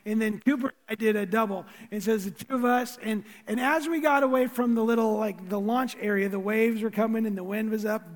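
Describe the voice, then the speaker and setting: A man preaching a sermon as pastor in a church, an animated storyteller with frequent restarts and asides. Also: high voice, in a large hall. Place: church auditorium.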